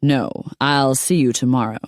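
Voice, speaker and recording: A woman's voice: a bass voice, steady tone, unhurried, dry recording, clean studio sound. A woman voicing a stern, wealthy man who speaks in a curt, commanding way.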